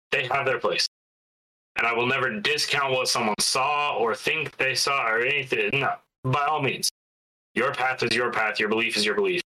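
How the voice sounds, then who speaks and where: Very bright-voiced, wry podcast man. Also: medium pitch, low-quality recording. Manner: easygoing and wry, mimics people in anecdotes. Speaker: podcast co-host. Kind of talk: casual chat.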